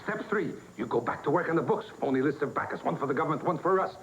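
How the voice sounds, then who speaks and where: An actor playing a brash, scheming male Broadway producer who talks fast and persuades in a 1960s film comedy. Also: fairly high pitch, animated, a bit bright, lo-fi sound, a little hiss or hum. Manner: fast-talking, persuasive, wheedling.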